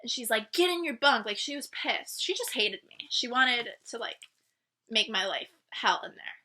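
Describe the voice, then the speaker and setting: A woman vlogger tells a personal story straight to her viewers in a casual, animated way. Her voice is very bright and sits a little high, and she acts out each line of dialogue as she goes. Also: unhurried.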